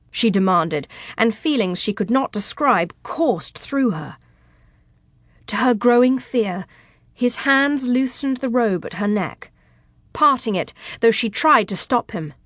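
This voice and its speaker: A woman narrating a romance audiobook in a slow, even, measured way. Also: on the high side, no echo, clean studio sound. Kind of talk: scripted narration.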